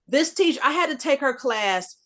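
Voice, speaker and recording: High-voiced animated woman in her fifties. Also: normal speed. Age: 50s. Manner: animated, emphatic storyteller. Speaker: discussion panelist. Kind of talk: casual group discussion, personal storytelling.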